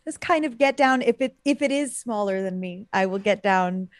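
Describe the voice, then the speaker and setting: A woman's voice: mid-range voice, normal speed, dry recording, studio quality. A woman playing a tabletop game, speaking tentatively and casually. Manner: tentative, hesitant. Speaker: player.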